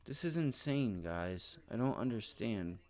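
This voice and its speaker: On the low side, expressive, unhurried, and a little mellow, this man livestreams from his desk as a day trading host, rambling loosely through stock charts. When trades go wrong he grumbles and swears under his breath, then turns back to explaining for viewers, repeating fillers like "right?" and "my friend."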